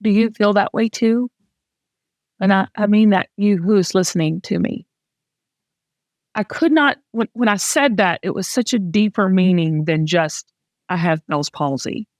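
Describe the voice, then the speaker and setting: A woman's voice: medium pitch, measured pace, no echo, highs cut off. A middle-aged woman with a Southern US accent, hosting a podcast and talking candidly and emotionally in casual chat. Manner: emotional, candid, chatty storytelling. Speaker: podcast host.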